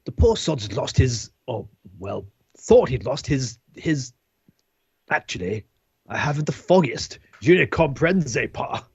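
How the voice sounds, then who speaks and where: A man's voice: medium pitch, sing-song, unhurried, vocal fry, slightly rough, no room sound, muffled recording, full character voice. A man reading a fussy, pompous Frenchman with a put-on French accent in a live script read, talking in a flustered, rambling way.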